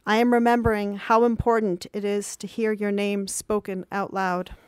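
A woman in her thirties reading her own diary entries aloud in a calm, measured, reflective way. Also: mid-range voice, clean tone, no echo. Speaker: reader of her own journal.

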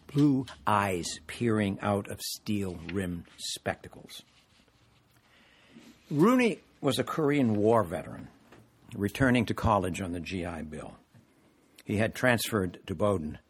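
An older man reading from his own memoir to a live audience in a measured, deliberate way, with occasional hesitations. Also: lowish voice, breathy edge.

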